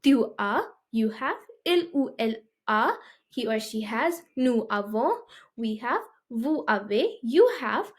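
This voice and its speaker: A woman with a slightly high voice teaches a beginner French lesson. She explains step by step and keeps checking in with her listeners. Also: sing-song, slow pace. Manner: explanatory, often checks with "okay?".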